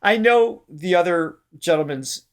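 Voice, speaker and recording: A man co-hosting a casual reaction chat, talking in quick enthusiastic bursts that trail off. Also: high voice, expressive, loud music behind the voice. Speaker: songwriter co-host.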